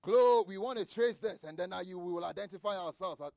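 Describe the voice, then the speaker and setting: A man preaching a sermon, reading scripture and repeating key phrases with shouted emphasis. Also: high voice, a little fast, vocal fry, no room sound, clean studio sound.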